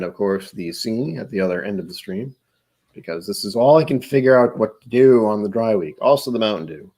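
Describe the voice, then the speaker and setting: A man's voice: lowish voice, a little mellow. A man hosting a live stream, chatting casually and rambling, tired and self-deprecating, greeting viewers by name. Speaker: livestream host.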